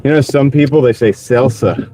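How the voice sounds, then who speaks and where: A man's voice: mid-range voice, a little slow, darkish tone. A man live-streaming from his car as a delivery driver, chatting casually with viewers and playfully repeating words. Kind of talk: casual live-stream chat while driving. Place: inside a car. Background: faint car noise.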